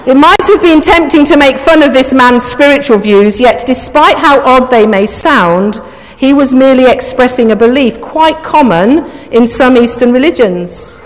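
A woman's voice: high voice, animated, moderate pace. A woman giving an informal, chatty sermon, putting questions to the congregation and laughing now and then. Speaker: preacher. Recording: echoey hall.

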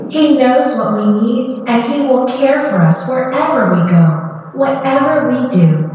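A woman narrating a children's Bible story in a gentle, expressive read-aloud way. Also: high-pitched, unhurried, a little hiss or hum. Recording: echoey hall, dull lo-fi.

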